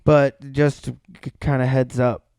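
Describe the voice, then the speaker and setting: Clear-voiced, excitable podcast man. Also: medium pitch, takes it slowly, no room sound, studio quality. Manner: excitable, interjecting. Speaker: podcast co-host. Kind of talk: casual podcast chat.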